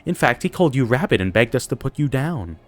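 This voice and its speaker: A man voicing a sardonic interrogator who taunts a prisoner in a slow, drawling way. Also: mid-range voice, sing-song, faint music behind, lightly acted. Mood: mocking. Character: sardonic male interrogator, dry and mocking.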